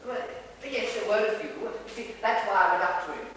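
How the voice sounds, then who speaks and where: A man's voice: sits high, brisk, a bit bright, a little hiss or hum. A man playing a fussy, devoted male dresser in an amateur stage play, telling a story in a breathless, fussy way full of restarts. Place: theatre stage, heard from far off. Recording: distant echoey theatre recording.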